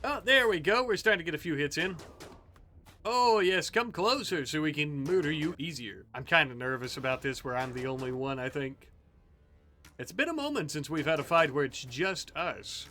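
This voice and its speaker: A young man casually commenting on his own gameplay, excitable, joking and swearing at the game. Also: fairly high pitch, normal speed. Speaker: let's play host.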